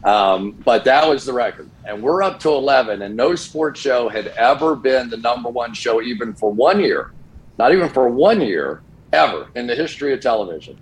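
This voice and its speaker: An older man talking in a medium voice, a football broadcaster who tells his stories with animated, swooping pitch and acts out every quoted line. He sounds like a guest on a remote call with a sports talk show. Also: moderate pace, a little hiss or hum, rough recording.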